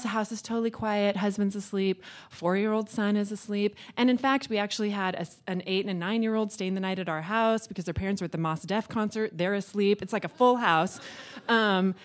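A woman in her thirties telling a personal story on stage in a chatty, animated way, acting out the dialogue. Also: a little high.

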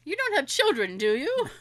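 A woman's voice: high-pitched, moderate pace. A woman co-hosting a casual podcast chat, telling stories animatedly and laughing often. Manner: giggly, animated storytelling with frequent laughs. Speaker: podcast co-host.

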